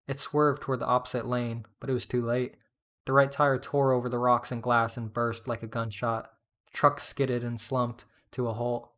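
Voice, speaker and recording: A man narrating a first-person story in a steady, plain reading voice. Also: mid-range voice.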